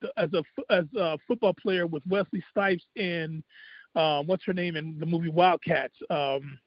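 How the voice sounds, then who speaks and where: A man's voice: on the high side, normal speed, no room sound. A middle-aged man from Chicago, a radio host telling rambling stories in casual chat. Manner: easygoing, rambling anecdotes with repeated words. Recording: dull, lo-fi, dry sound.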